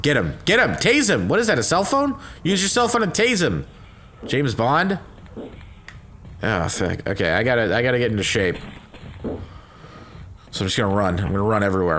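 A man doing let's play commentary, joking crudely and breaking into loud excitable outbursts. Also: medium pitch, a little hiss or hum. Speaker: gaming commentator.

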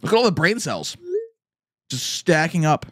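A man streaming casual reaction commentary on memes, excitable and loud at times. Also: on the high side, moderate pace, no room sound, studio quality. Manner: excitable, shouts and laughs at clips.

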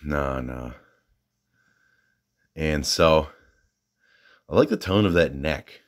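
Southern guy, extremely low voice, halting and filler-heavy, chatty gym vlogger. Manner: rambling, halting, lots of fillers and restarts. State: out of breath. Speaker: fitness vlogger. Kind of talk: casual rambling gym vlog.

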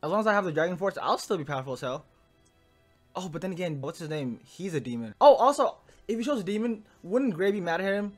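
A young man reacting to an anime episode in casual commentary, emotional and swearing, swinging from low muttering to loud outbursts. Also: animated, quick pace, faint music behind.

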